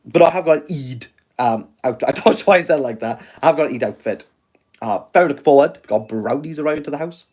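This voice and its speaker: A man's voice: mid-range voice, a little mellow. Rambling self-mocking Welsh man. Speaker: book reviewer livestreaming. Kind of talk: casual livestream chat. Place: his home. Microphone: phone.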